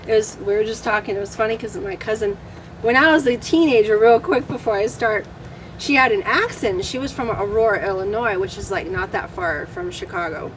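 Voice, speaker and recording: A woman's voice: mid-range voice, fairly quick, slight background noise, rough recording. A woman hosting her own vlog, chatting casually outdoors in the shade in a rambling way and often laughing. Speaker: vlog host. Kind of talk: casual chat to camera.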